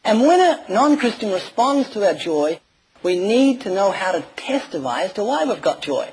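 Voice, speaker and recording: A man preaching a sermon, animated and enthusiastic, with sudden rises and drops in loudness as he tells stories. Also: sits high, normal speed, slight background noise, poor audio. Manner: enthusiastic, animated storytelling with sudden swings in volume.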